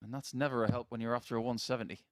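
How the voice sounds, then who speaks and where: Measured male darts commentator. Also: medium pitch, fairly even intonation, dry recording. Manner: measured, analytical, dry humour. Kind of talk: live sports commentary.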